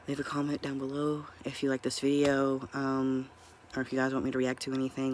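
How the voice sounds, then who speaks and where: Groggy man, croaky morning voice, apologetic, rambling, hushed, earphone mic, faint hum behind. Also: mid-range voice, flat delivery, fast talker. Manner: apologetic, rambling, keeping his voice down. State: groggy, just woken up. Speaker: reaction video host. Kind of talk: casual chat. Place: home room.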